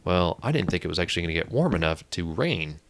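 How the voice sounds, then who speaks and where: Low-pitched and very animated, this young Indiana YouTuber talks at a quick pace with no echo. While playing a video game he rambles in casual commentary and gets startled easily.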